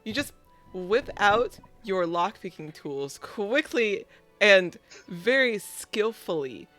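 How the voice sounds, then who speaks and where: A game master calmly narrating a tabletop role-playing scene to the players. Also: medium pitch, takes it slowly, soft background music.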